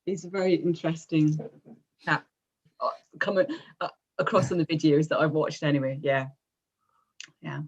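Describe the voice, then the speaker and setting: A woman's voice: low voice, fairly even intonation, moderate pace, pauses often, muffled recording. A woman co-hosting a business webinar over a video call, agreeable and chiming in with short affirmations. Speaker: marketing coach and co-host. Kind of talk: casual chat.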